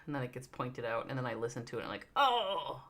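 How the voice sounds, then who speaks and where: Low-voiced Midwestern woman streaming a game. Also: steady tone, racing. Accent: American Midwestern. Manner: chatty, reads out viewer names, thinks aloud while playing. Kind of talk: casual live-stream chat.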